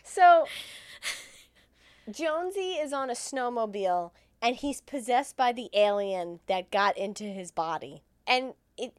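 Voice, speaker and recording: A woman's voice: fairly high pitch, animated, a little slow, clean tone, no room sound, clean studio sound. A woman co-hosting a comedy podcast, recapping a film in crude, laughing chat and acting out the lines.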